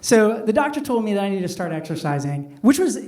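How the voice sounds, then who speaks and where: On a comedy club stage, a middle-aged comedian speaks in a high, sing-song, slightly mellow voice, a little fast, his loose, conversational set full of "like." The roomy sound comes from a distant mic picking up the audience, whose laughter fills the background.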